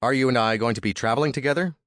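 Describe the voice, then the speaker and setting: A man's voice: medium pitch, very fast, a bit bright, dry recording, clean studio sound, voice pushed up, close to an everyday voice. A man voicing an earnest, formal young educated man, polite and eager, in a storybook narration.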